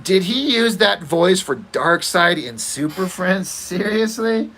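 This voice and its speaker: Slow, ranting male artist. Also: sits high, lively intonation, pushed and bright. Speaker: artist working on a comic page. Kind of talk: casual rambling chat while drawing.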